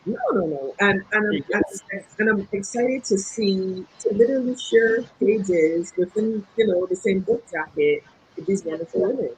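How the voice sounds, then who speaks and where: A woman, a guest author telling lively, laughing anecdotes in a casual interview. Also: mid-range voice, normal speed, slight background noise, rough recording.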